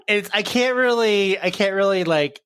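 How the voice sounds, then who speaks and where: Giggly chatty man, higher voice. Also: normal speed, a bit bright, clear, resonant tone, dry recording, studio quality. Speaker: interview guest. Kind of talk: casual podcast chat.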